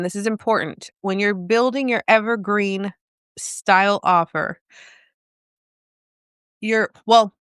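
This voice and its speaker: A woman's voice: medium pitch, a bit bright, clean tone, no room sound, clean studio sound. A woman business coach talking casually and directly in a live video, asking her viewers many questions.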